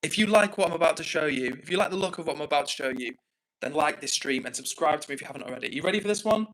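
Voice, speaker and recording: Excitable fast-talking English man. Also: a little high, poor audio. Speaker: livestream host. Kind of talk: casual live chat reading comments.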